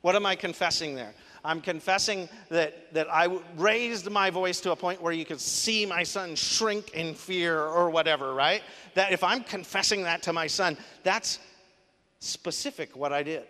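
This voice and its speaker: Animated preacher in a reverberant hall. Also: male voice, sits high, moderate pace. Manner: animated, emphatic teaching with rhetorical questions. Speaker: pastor. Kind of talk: sermon. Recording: long reverb of a large hall.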